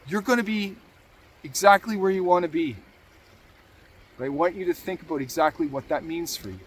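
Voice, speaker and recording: A man's voice: on the high side, expressive, moderate pace, slight background noise. Earnest man giving encouraging talk. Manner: earnest and encouraging, repeats key phrases. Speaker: podcast host. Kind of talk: motivational talk.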